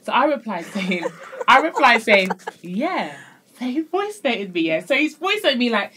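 A woman's voice: fairly high pitch, normal speed, a little hiss or hum. A woman hosting a casual podcast chat. She tells stories with lots of energy and laughs often. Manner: animated storyteller, laughs often. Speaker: podcast host. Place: recording studio.

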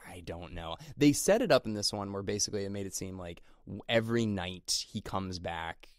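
A man's voice: low voice, lively intonation, normal speed, no room sound, studio quality. A man co-hosting a podcast, chatting casually about a horror film with lots of fillers and restarts. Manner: rambling, many fillers and restarts. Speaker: podcast co-host. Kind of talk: casual movie review chat.

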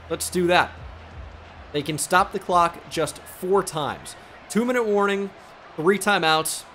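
A man's voice: a little high, fairly bright tone, slight background noise. A young man commentating his own video game as a gaming YouTuber, switching between mock play-by-play and frustrated outbursts.

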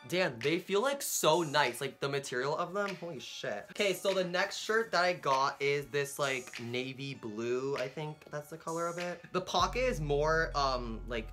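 A man unboxes a package for his vlog, hyper and breathless with excitement and swearing at every turn. His voice leaps all over the place, up and down. Music plays clearly behind him. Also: on the high side, moderate pace, hardly any pauses. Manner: hyper, excitable and heavily profane. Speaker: vlogger.

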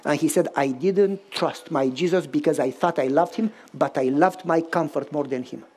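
Male pastor, Romanian accent, sermon storyteller who acts out the voices, swings loud and soft. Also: a little high, moderate pace, husky. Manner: animated, acts out dialogue in shifting voices.

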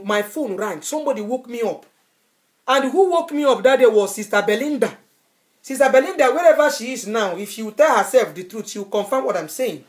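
A woman evangelist preaching a sermon, fervent and repeating her phrases for emphasis. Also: on the high side. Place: Europe.

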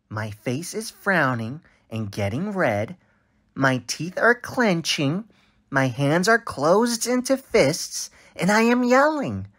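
A woman voicing a cheerful young cartoon boy who narrates a social story and asks the children watching questions, in a bright, sing-song, exaggerated way. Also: mid-range voice, slight background noise, exaggerated voice. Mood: explaining.

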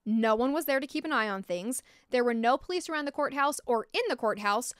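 A woman's voice: on the high side, lively intonation, fairly quick, smooth, no echo, clean studio sound. A woman hosting a true crime podcast, telling the story in a blunt, passionate way and swearing when angry. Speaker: podcast host.

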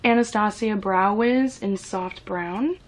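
A woman's voice: mid-range voice, takes it slowly, a little hiss or hum. A young woman telling a story casually while doing her makeup, chatty, with lots of "like" and casual swearing. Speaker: beauty vlogger. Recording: faint music behind.

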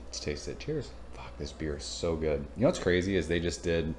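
Deep-voiced man from Southern California, thirties, chatty home beer-review vlogger, rambles, gets excited, swears casually. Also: a little fast, a little hiss or hum.

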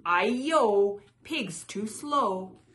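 A woman voicing a cheeky, excitable runaway rice cake that calls out in shrill, taunting cries. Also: extremely slow, slight background noise.

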